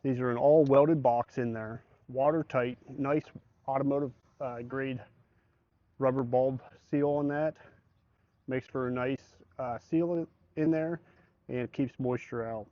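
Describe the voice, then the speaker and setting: A man's voice: mid-range voice, steady tone, a little slow, no room sound. Man casually walking through a product. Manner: conversational, explains specs plainly with measurements. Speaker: truck bed salesman. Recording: slightly dull, dry recording.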